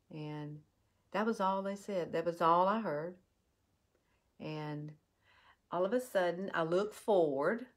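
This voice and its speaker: A woman tells a heartfelt personal story while doing a makeup tutorial, in an earnest, halting way. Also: low-pitched. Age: 50s. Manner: earnest and heartfelt, with halting restarts and soft drop-offs. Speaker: beauty vlogger.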